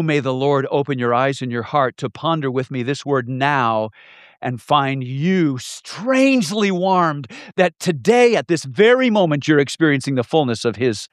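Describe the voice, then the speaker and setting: A man preaching a sermon with emphatic repetition, swinging between loud stresses and hushed lines. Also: medium pitch, expressive, a little slow, no echo, studio quality.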